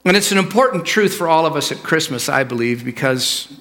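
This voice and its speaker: A man delivers a sermon in a church sanctuary, chatty and story-driven with frequent restarts. His voice is bright and sits a little high for a man. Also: animated, brisk. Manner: conversational storytelling with fillers and restarts. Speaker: pastor.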